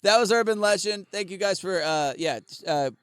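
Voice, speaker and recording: A man's voice: sits high, normal speed, fairly bright tone, clear, resonant tone, no echo, clean studio sound. A male podcast co-host doing a comic mock-ad rant with swearing. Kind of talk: comedic podcast banter.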